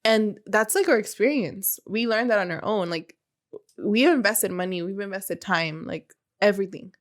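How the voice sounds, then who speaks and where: A woman's voice: mid-range voice, normal speed. Emphatic young woman in casual chat. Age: young adult. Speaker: guest, salon owner.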